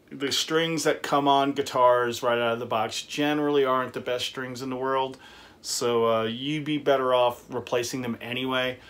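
A man talks through a guitar review in a loose, conversational way. His pitch sits in the middle of the usual range. He fills pauses with small sounds and laughs easily. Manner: relaxed, chatty, frequent fillers and laughs. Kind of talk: casual gear review.

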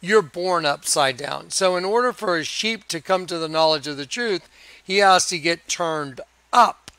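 A man giving a rambling religious monologue over images, in an excitable, emphatic manner with chuckles. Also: fairly high pitch, measured pace, clean tone, no echo. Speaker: video preacher.

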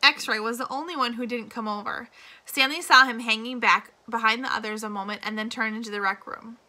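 A woman's voice: fairly high pitch, steady tone, a little fast, pushed and bright. A woman reading a novel aloud, giving the characters their own voices. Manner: reads dialogue with character voices. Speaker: reader.

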